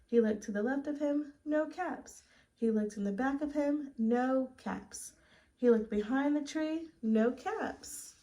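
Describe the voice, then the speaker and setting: A woman reading a picture book aloud to children at story time, gently asking them questions along the way. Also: high-pitched, takes it slowly, rough recording. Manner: gentle, asks listeners questions.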